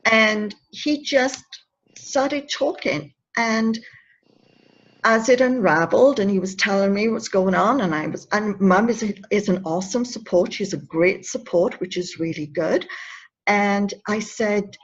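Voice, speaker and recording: In a lo-fi interview recording, a woman in her fifties speaks unhurriedly in a mid-range voice. An anti-bullying advocate, she shares a personal story with earnest emotion, frequently halting and restarting.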